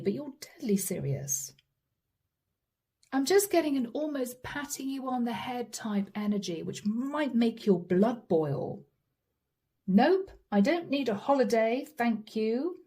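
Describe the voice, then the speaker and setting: A woman gives a chatty, dramatic tarot reading, slipping into little acted-out quotes along the way. Her voice sits a bit high for a woman. It has a soft, mellow tone. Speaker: tarot reader.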